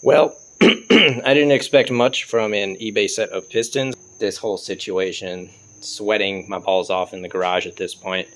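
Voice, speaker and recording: Low-voiced man, loose garage talk. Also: fairly even intonation, a little slow, a bit bright. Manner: loose, profane, rambling. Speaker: car vlogger. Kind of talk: casual garage vlog talk. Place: home garage.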